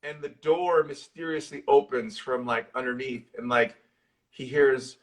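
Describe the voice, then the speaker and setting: A man co-hosting a casual horror movie chat, retelling scenes excitedly and swearing constantly. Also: medium pitch, unhurried. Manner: excitable, profane, storytelling with lots of swearing. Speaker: horror movie discussion co-host. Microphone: live social video stream.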